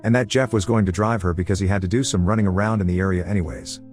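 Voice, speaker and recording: Low-voiced man narrating a story. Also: steady tone, very fast. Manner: casual first-person storytelling. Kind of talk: reading a reddit post aloud. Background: soft guitar music.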